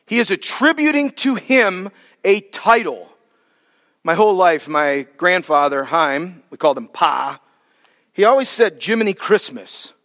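A man preaching a sermon as pastor, emphatic, drawing key words out slowly for weight. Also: high-pitched, animated, fairly bright tone. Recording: long reverb of a large hall.

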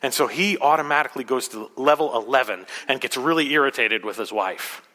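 A male pastor preaching a sermon in a church sanctuary, swinging dramatically from loud exclamations to hushed asides. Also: mid-range voice, fairly quick. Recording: long hall reverb.

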